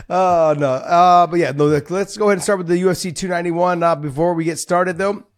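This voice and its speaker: A man's voice: sits high, no echo, clean studio sound. A middle-aged man hosting a podcast, telling rambling stories with laughs in a casual chat. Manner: chatty, laughing, rambling storyteller. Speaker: podcast host.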